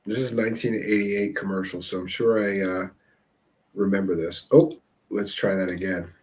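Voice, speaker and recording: A man's voice: deep voice, flat delivery, normal speed, darkish tone. A man hosting a live stream, chatting casually with viewers and telling rambling stories through laughter. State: tipsy. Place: Seattle area.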